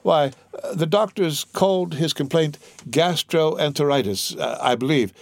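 A man voicing an eager, blunt innkeeper who talks in an anxious, hurried way. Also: fairly high pitch, gravelly, no room sound, voice pushed up. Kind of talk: audiobook character reading.

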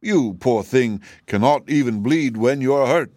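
A man's voice: mid-range voice, a little slow, a little mellow, dry recording, studio quality, pitched above the performer's own voice, natural voice. A man voicing a proud, vain old male cab horse who talks down with lofty pity. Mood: boastful. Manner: boastful, pitying, lofty.

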